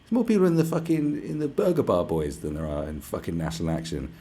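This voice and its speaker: A man's voice: low voice, fast, mellow, breathy edge. A young man ranting casually to camera, sarcastic and rambling, swearing often. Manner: swearing, rambling and sarcastic, slips into mock voices. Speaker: vlogger.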